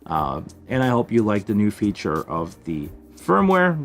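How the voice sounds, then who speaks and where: A man talks viewers through his mixing desk on a live stream in a loose, conversational way, pausing often to think and restarting his sentences. His voice sits low. Faint music plays quietly behind him. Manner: relaxed, thinking aloud with fillers and restarts. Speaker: live stream host answering viewer questions. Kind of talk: casual live stream Q&A and gear demo.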